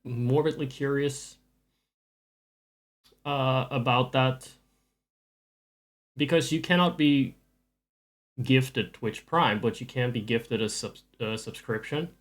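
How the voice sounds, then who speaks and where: A man's voice: medium pitch, takes it slowly, long pauses. A man streaming live and chatting casually with viewers, rambling with dry jokes and frequent restarts.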